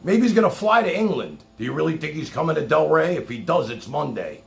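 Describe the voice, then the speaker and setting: A man's voice: on the high side, big pitch swings, brisk, gravelly. A man hosting a livestream, ranting in a heated, mocking and sarcastic way. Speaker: livestream host.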